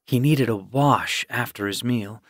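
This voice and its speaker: Male narrator for an audiobook, measured and unhurried, dry booth sound. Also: mid-range voice, dry recording. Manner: measured storytelling. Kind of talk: scripted narration.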